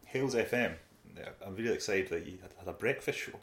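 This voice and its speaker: A man asks short, direct interview questions in a fairly low voice at a brisk pace. He sounds off-mic in an echoey room with a faint hiss underneath. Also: fairly bright tone. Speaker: radio interviewer.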